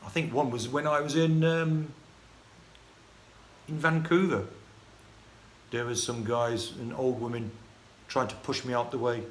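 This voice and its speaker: A man from the United Kingdom telling his life story in a casual, halting vlog monologue full of restarts and fillers. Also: mid-range voice, fairly even intonation. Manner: rambling, halting, many restarts and fillers, chuckling. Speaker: vlogger. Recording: echoey room with faint ambient noise.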